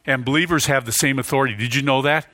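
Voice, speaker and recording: Preacher man going hard on a sermon, bright forceful tone, repeats himself for punch, dry close sound. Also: mid-range voice, fast, dry recording. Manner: emphatic, repeats lines for stress, rises to near shouts.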